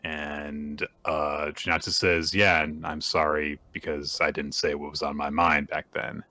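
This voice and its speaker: A man co-hosting a manga podcast, casually recapping chapters and acting out characters' lines with lively energy. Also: a bass voice, measured pace, no echo.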